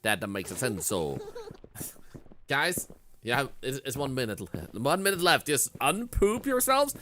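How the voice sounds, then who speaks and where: Streamer with wildly swooping pitch. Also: big pitch swings, slow pace, fairly bright tone, a little hiss or hum. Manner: playful and silly, jokes with chat. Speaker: game streamer. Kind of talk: casual live-stream commentary.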